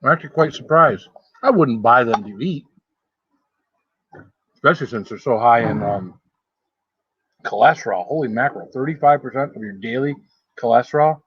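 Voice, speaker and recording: A man's voice: medium pitch, animated, moderate pace, long pauses, breathy edge, dry recording, muffled recording. A man chatting casually on a live stream while eating, rambling and greeting viewers by name. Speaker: food challenge livestreamer.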